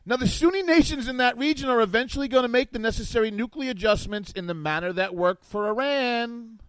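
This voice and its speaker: A man's voice: very high-pitched, a little fast, fairly bright tone, clear, resonant tone, dry recording, low-quality recording. A man guest-hosting a political talk radio show, reading from an article and riffing on it sarcastically at a studio microphone.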